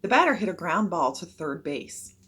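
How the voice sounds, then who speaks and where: A woman narrates a children's chapter book aloud with expressive storytelling. Her voice is slightly husky, and her pitch swings in lively arcs through each line. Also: normal speed.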